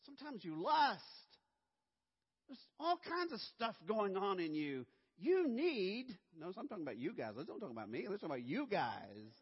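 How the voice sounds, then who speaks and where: Husky pastor preaching in a reverberant hall. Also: male voice, big pitch swings, moderate pace. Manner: swings from hushed lows to loud urgent emphasis. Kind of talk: sermon. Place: church sanctuary. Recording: dull lo-fi sound, long hall reverb.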